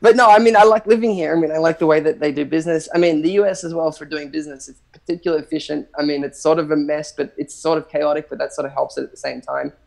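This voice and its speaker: A man's voice: fairly high pitch, fairly even intonation, fast talker, vocal fry, few pauses, a little mellow, rough recording. An Australian man chatting casually as a livestream guest, rambling and thinking aloud with many restarts. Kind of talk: casual chat.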